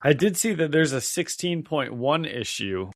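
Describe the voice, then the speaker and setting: A man's voice: fairly high pitch, expressive, normal speed, dry recording. Easygoing male podcast co-host. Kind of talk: casual podcast chat.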